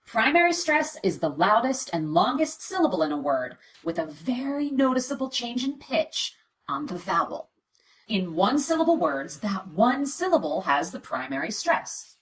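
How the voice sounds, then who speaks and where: Woman pronunciation teacher, animated and demonstrative, slightly distant mic. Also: mid-range voice. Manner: lively, demonstrative, models words aloud. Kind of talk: teaching video.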